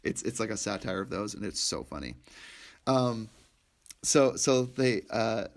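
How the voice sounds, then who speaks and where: Young man, podcast co-host, casual movie chat, excited, rambling, laughs a lot. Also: on the low side, unhurried.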